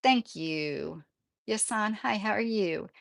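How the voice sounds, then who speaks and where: A woman's voice: mid-range voice, takes it slowly, creaky. A woman in her thirties with a slight Midwestern accent, chatting casually on a livestream and answering viewer questions. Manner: chatty, rambling, laughs often.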